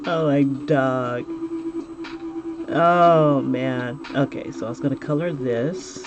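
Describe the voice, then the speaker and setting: A woman's voice: low voice, background noise. A chatty woman livestreaming while she draws, talking to viewers with frequent laughs and restarted sentences. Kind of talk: casual livestream chat while drawing. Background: music playing clearly.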